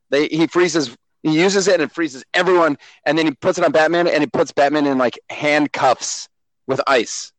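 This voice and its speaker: A man co-hosting a podcast, ranting about a movie with swearing and loud indignant bursts, right up on the mic. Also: on the high side, normal speed, no room sound, rough recording. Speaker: podcast co-host. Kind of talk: casual podcast rant. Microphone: close mic, speaking too loud into it.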